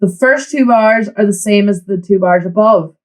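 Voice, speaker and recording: A woman teaching a flute lesson, giving tips and counting the student in with steady encouragement. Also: medium pitch, normal speed, poor audio. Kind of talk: online music lesson.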